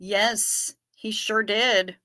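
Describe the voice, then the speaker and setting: A woman's voice: medium pitch, steady tone, extremely slow, pushed and bright, no echo, clean studio sound. A woman hosting a casual livestream, chatting and reading out viewer comments as she answers them. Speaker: livestream host.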